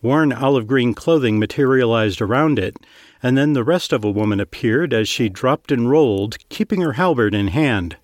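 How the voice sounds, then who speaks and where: A man's voice: medium pitch, lively intonation, moderate pace, no room sound. Man narrating fiction, dry close mic.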